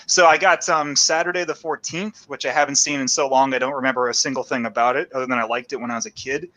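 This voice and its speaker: A man's voice: mid-range voice, fairly even intonation, quick pace, bright, forceful tone, poor audio. A man hosting a podcast in casual chat, rambling, laughing often and swearing freely. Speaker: podcast host.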